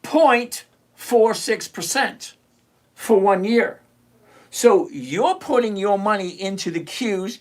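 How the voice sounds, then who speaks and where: A middle-aged livestream host in casual commentary who teases a viewer sarcastically, repeats points slowly and mutters while hunting around the screen. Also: mid-range voice, expressive, darkish tone. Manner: teasing, sarcastic, talks straight to a viewer.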